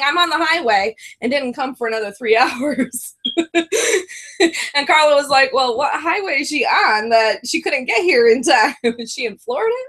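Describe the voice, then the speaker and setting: A woman co-hosting a casual review show, her voice bright and higher than most. She rambles in a chatty way and laughs often. When she retells a scene, she mimics others in an excited, higher voice. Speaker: co-host of a reality TV review show. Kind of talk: casual chat.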